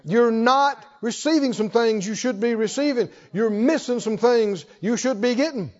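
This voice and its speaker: A man's voice: high voice, moderate pace, darkish tone. A man preaching a sermon, repeating key phrases and calling on the congregation to say them with him. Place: church hall. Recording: dull echoey church recording.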